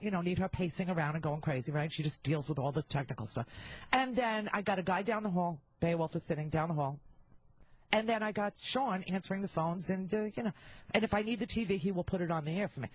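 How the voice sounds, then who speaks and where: A woman's voice: on the low side, a little mellow, breathy edge, no room sound, rough recording. A middle-aged woman hosting a talk radio show, riffing in a candid, rambling way with joking asides into a handheld studio mic. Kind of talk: casual radio monologue.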